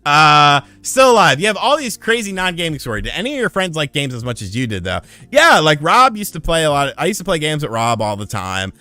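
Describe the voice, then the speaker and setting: Young man, streamer, bright tense voice, lively swooping pitch, profane storytelling, dry close mic. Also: brisk, few pauses, no room sound. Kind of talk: casual storytelling to a live chat.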